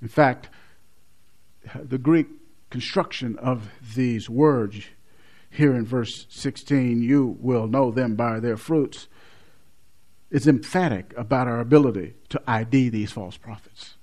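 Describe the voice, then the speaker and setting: Male preacher, sermon delivery, big swings from loud bursts to hushed low lines, repeats key words, mid-pitched voice. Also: slow pace. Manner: swings from loud emphatic to low quiet stresses.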